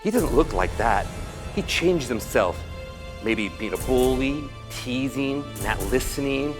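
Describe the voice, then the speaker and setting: A man giving an energetic motivational speech at a school assembly, leading children in call-and-response chants. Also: mid-range voice. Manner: animated and exclamatory, leading chants. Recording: background music under the voice. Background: music.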